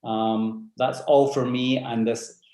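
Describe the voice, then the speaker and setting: A man's voice: medium pitch, flat delivery, slow, dark tone, echoey room. A man with a mixed South African and Scottish accent opening a webinar with formal, courteous announcements. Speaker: event host.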